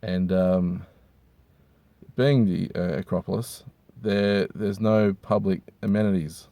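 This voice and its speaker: A hungover man, rambling crudely and with deadpan humor while reviewing hats from inside a car. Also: low-pitched, slow pace, no room sound. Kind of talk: casual rambling monologue.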